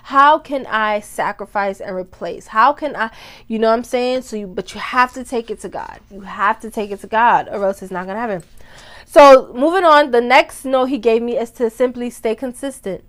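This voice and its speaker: A woman's voice: fairly high pitch, normal speed, fairly bright tone. A woman hosting a ministry podcast, preaching in a fervent, casual way, repeating phrases for emphasis and talking straight to her listeners. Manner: talks straight to listeners, calls them "y'all". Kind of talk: casual devotional teaching.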